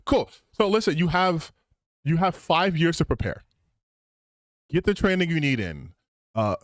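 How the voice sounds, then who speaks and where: A man in his thirties hosts a casual gaming stream, reacting sarcastically, laughing and swearing. His voice sits a bit high and swings widely in pitch, recorded close and dry. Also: no echo. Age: 30s.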